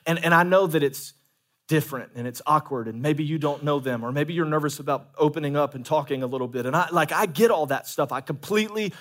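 A man preaching a sermon as pastor, animated, calling for amens and acting out quoted voices. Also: on the high side, quick pace.

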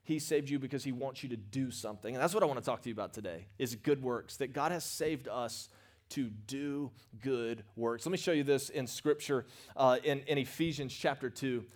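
A male pastor preaches an animated sermon in a mid-range voice at a moderate pace. He calls on the congregation for amens and swings between hushed asides and loud, excited bursts.

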